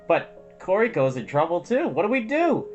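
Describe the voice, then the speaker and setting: A woman's voice: lowish voice, sing-song, normal speed, a little mellow, highs cut off, pitched above the performer's own voice. A woman voicing an anxious, worried talking cat companion in a storybook reading, with guitar music behind. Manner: worried, questioning.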